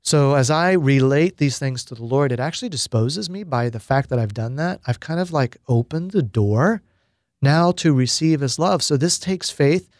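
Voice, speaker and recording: A man, a priest, giving a spoken retreat teaching on prayer in an unhurried, reflective way with pauses and fillers. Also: medium pitch, animated, a little mellow, dry recording, studio quality.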